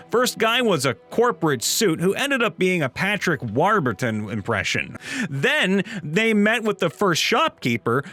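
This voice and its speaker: A man reading viewers' stories aloud in an animated, playful way. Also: high voice. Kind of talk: reading online comments aloud.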